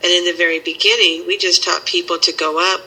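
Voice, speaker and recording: Woman, healing teacher, guided meditation, soothing, breathy edge. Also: on the low side, steady tone, sharp tone, low-quality recording. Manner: slow, soothing guiding instructions.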